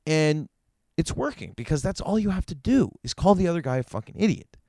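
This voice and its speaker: A man's voice: a little high, brisk, no room sound, studio quality. Profane ranting male podcast host. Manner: profane, animated ranting with sarcastic asides. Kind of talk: solo comedy podcast rant. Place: in Vancouver.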